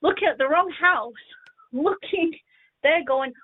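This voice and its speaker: A woman calling in to a radio show, telling a childhood story in an animated way and acting out the voices. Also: high-pitched, a little slow. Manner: animated, acts out the quoted voices. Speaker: caller. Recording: dry tinny phone line.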